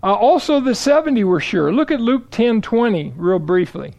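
A man giving a steady, explanatory Bible teaching, walking through verses and quoting scripture aloud. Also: high-pitched, normal speed, vocal fry.

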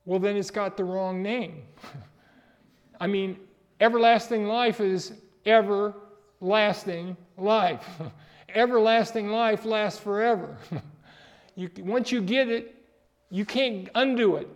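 A middle-aged male pastor preaching a sermon with a notably high, bright-pitched voice. He is emphatic, pushing up in pitch and volume on key points and chuckling now and then. The sound carries a long hall reverb.

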